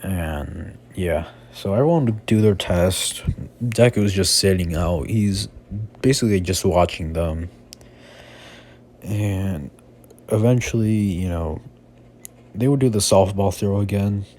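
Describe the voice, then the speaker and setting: A man's voice: deep voice, takes it slowly, long pauses, a little mellow. A young man improvising a fan-fiction story in a rambling, casual way, full of fillers.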